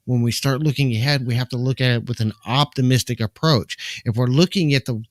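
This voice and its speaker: A man hosting a live stream from home, giving a calm, earnest and measured reflective spiritual talk into a microphone. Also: mid-range voice, no room sound. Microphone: desk microphone.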